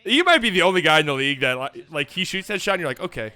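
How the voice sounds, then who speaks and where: Male sports host, slightly high voice, dry booth sound, jokey highlight breakdown. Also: very animated, very fast, bright, forceful tone, clear, resonant tone, no room sound. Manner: playful, joking asides over highlights. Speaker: basketball channel host. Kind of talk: game film breakdown commentary.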